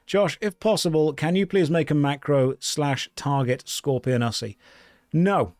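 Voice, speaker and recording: Guy streaming a game, deadpan jokes, reading chat, dry close mic, soft music under it. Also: fairly high pitch, measured pace, no room sound. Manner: deadpan, joking, reads chat aloud. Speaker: streamer playing an online game. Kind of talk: casual live-stream chat.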